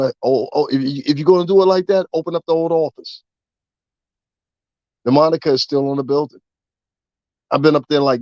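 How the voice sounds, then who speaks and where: A man ranting straight at his listeners, cursing freely and rambling from one point to the next, his voice climbing when he gets heated. His voice sits at a middle pitch. The recording sounds dry and a little dull and lo-fi. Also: no echo. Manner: profane, animated, rambling. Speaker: vlogger. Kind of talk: ranting commentary.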